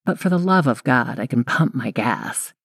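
A woman's voice: rumbling low, lively intonation, normal speed, slightly rough, no room sound, clean studio sound. A young woman reading a first-person audiobook in a wry, confiding way. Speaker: audiobook narrator.

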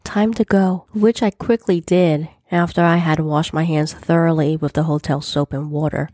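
A woman narrating a first-person story in a plain, even storytelling manner. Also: low-pitched, moderate pace, no echo, studio quality.

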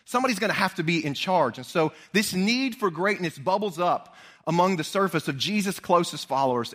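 A male pastor delivers his sermon with a high, ringing voice. He tells stories with plenty of animation and talks straight to his congregation. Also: fairly bright tone.

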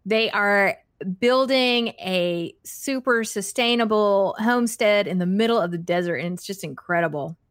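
A woman chats casually on a livestream, reading out viewers' questions and answering in a warm, rambling way. She laughs often, stumbles and restarts her sentences, and pokes fun at herself. Her voice sits at a middle pitch, recorded close and dry with no room sound. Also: normal speed, dry recording. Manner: chatty, giggly, self-deprecating, many fillers and restarts. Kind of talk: casual live chat.

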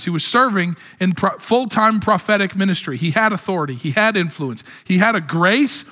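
High-voiced preacher in a reverberant hall. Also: male voice, expressive, normal speed, few pauses, pushed and bright. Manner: impassioned preaching, rising to exclamations. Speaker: pastor. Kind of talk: sermon.

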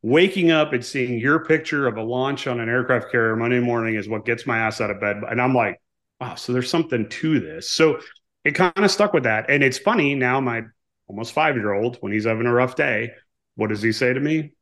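Animated man telling a story. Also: mid-range voice, a little fast. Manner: animated storyteller, acts out quoted dialogue, frequent "right?". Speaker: guest, author and former navy pilot. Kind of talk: casual storytelling interview.

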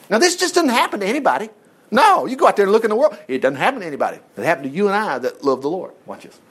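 A male preacher retelling a Bible story in a sermon, folksy and animated with joking asides. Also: fairly high pitch.

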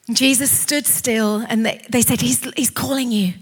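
A woman delivers a sermon in a high, clear voice. She preaches with fervour, climbing from steady teaching into impassioned, shouted declarations. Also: moderate pace, hardly any pauses.

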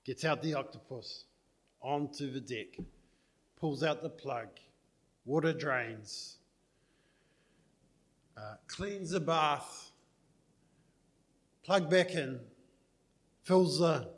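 A man's voice: a little high, fairly bright tone. A man preaching a sermon, telling a story in a loose, conversational way before praying and reading scripture.

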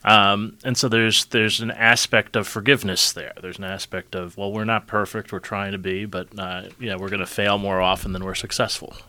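A man's voice: fairly low pitch, normal speed, hardly any pauses, no echo. A middle-aged man co-hosting a casual chat, telling stories with lots of "you know" and laughter. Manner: animated storyteller, many "you know"s, laughs. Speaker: podcast co-host.

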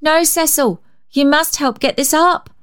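A woman's voice: a little slow, no echo, clean studio sound. A woman reading a storybook, voicing an eager, decisive little girl of about five. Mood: bossy. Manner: excitable, decisive, high and squealing.

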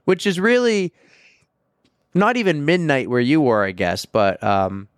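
Smooth-voiced male podcast host. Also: a little high, unhurried, no room sound, clean studio sound. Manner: chatty, leads the guest with questions. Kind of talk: casual chat.

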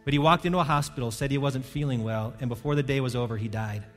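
A man's voice: medium pitch, fast talker. A middle-aged man preaching a sermon as pastor, earnest and building to fervent emphasis. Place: church sanctuary. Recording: long church-hall reverb with faint music.

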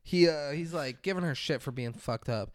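A man's voice: a little high, moderate pace, no echo, studio quality. A man co-hosting a podcast, casually recapping a movie and acting out the characters' lines with plenty of profanity. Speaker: podcast co-host.

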